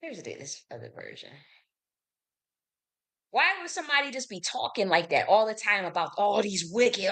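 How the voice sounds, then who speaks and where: A woman's voice: mid-range voice, very animated, moderate pace, creaky, pauses often, a bit bright. A woman hosting a live stream, talking in a casual, profane and emphatic way and breaking off to read verses aloud. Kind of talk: casual livestream monologue. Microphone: streaming setup.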